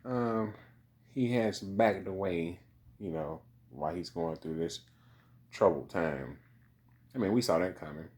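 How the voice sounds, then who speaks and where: A man's voice: deep voice, a little slow, pauses often, a little mellow. A man giving a rambling, casual commentary monologue, full of profanity and repeated "you know what I mean" asides.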